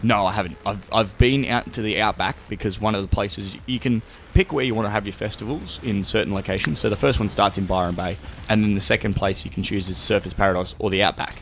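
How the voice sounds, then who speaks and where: Talking fast with hardly any pauses, a young Australian gaming show co-host chats casually as he plays, rambling, cursing, and laughing a lot through his stories. His voice is on the low side and a bit bright, with slight noise in the background.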